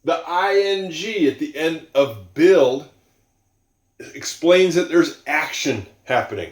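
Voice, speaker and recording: Male English teacher, lively pitch, roomy echo; patient, repeats examples. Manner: slow, repeats example sentences, musing asides. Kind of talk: explaining English to learners.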